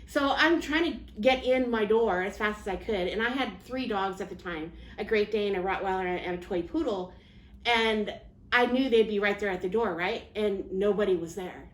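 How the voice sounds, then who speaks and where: A woman's voice: mid-range voice, normal speed. A woman psychic medium telling a personal story in a casual, rambling way, full of fillers and restarts. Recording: roomy, faint background noise.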